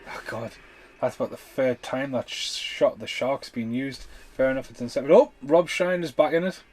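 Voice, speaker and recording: A man hosts a film commentary podcast and reacts to the screen as he goes. His delivery is blunt and full of swearing, with an unpolished, offhand tone at a medium pitch. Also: normal speed, a little mellow. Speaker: podcast host.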